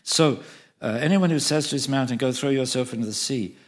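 A man's voice: medium pitch, brisk. A man preaching a sermon, emphatic, repeating phrases for stress and asking the congregation questions.

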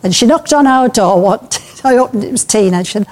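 A woman's voice: fairly high pitch, lively intonation, fairly quick, darkish tone. A woman giving an informal, anecdotal talk to a church group. She speaks in a chatty way, with plenty of fillers and light laughter. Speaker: speaker at a church breakout session.

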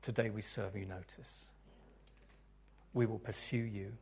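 A pastor leading a congregation in a sermon and prayer, dropping to near-whispers and then rising to loud, fervent declarations. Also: male voice, lowish voice, steady tone, a little slow, gravelly.

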